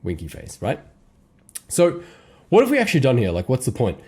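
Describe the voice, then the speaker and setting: A young man coaching on copywriting in a casual, animated way, with slang and short laughs between points. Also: mid-range voice, brisk, husky. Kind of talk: casual teaching monologue.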